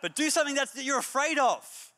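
A man preaching a humorous, energetic sermon as a pastor, moving between jokey stories and emphatic exhortation. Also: extremely high pitch, a little fast, big-room sound. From Australia. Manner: animated storyteller, jokey then emphatic and exhorting.

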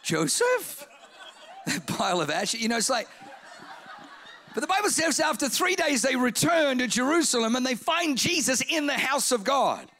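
A man preaching a sermon in an animated, comic way, repeating phrases and acting out voices. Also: extremely high pitch, moderate pace.

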